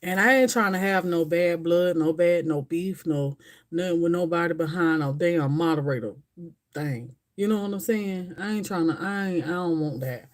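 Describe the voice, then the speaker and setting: A woman's voice: lowish voice, moderate pace. A woman hosting a casual livestream, chatting and rambling straight to her viewers. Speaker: livestream host. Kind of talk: casual chat with live viewers.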